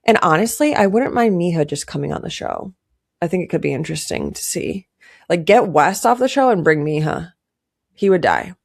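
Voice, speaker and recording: A woman's voice: on the low side, sing-song, moderate pace, gravelly. A young woman giving casual, indignant commentary to camera, stressing her points by repeating them. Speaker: pop culture commentator.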